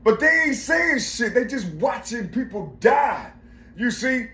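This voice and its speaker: A man's voice: extremely high pitch, big pitch swings, measured pace, bright, forceful tone. A middle-aged man telling a rambling, profane personal story, repeating himself and searching for the right words, recorded in an echoey room. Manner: profane, repetitive, searching for words, keeps saying "you see".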